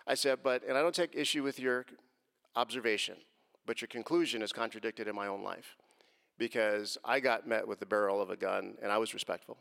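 A man's voice: mid-range voice, brisk, creaky, fairly bright tone, in a large hall. A man in his forties telling an interviewer about his experiences in a personal, earnest way that grows heated as he recounts confrontations. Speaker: guest.

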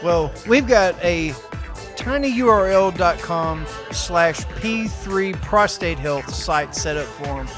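Co-host man, high voice, crude jokey ad read. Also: expressive, slow. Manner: crude, joking. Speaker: co-host of a radio ad spot. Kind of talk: comedic ad read with retakes. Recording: music playing behind.

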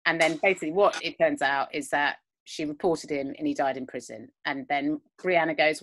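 Low-voiced rambling woman. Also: brisk, hardly any pauses, a bit bright. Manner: rambling, with many fillers and retellings of scenes. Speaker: podcast co-host. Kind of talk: casual chat recapping a TV episode. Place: home, recording remotely. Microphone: video call.

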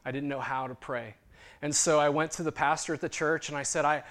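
A man preaching as a pastor, telling a story in an animated voice that sinks to a hushed near-whisper, then leading a prayer. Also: on the high side, fairly quick. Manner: animated retelling that drops to a hushed near-whisper at moving points.

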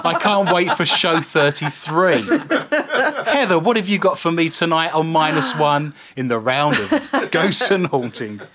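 A man's voice: fairly high pitch, lively intonation, a little slow, crowd noise. A man hosting a live radio show, bantering and joking in a playful, teasing way. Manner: playful, teasing, laughs often.

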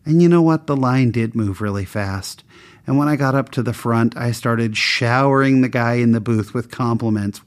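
A man of average pitch tells a personal story that ends in a faith lesson, candid, self-mocking and conversational at a moderate pace. When he plays the characters, his pitch leaps up and down.

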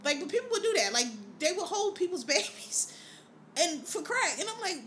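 A woman hosting a podcast, talking in a casual, profane monologue and telling animated stories with plenty of laughter. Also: extremely high pitch, normal speed, a little hiss or hum. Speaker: podcast host.

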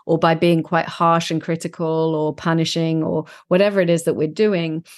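A woman's voice: low voice, level tone, moderate pace. A woman co-hosting a casual podcast conversation, talking in an earnest, compassionate, reflective way. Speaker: podcast co-host.

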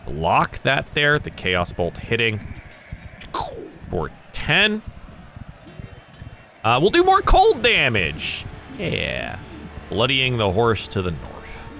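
A man from the American South narrating a tabletop game as game master, animated and chuckling between dice rolls. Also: low-pitched, takes it slowly, vocal fry, pauses often, a little hiss or hum.

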